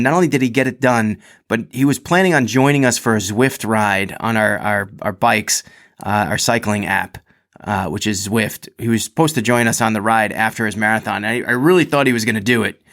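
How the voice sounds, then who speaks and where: A man hosting a running podcast, chatting casually with restarts and then reading a listener's story aloud with growing animation. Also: lowish voice. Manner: rambling, self-correcting, animated when reading. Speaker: podcast host.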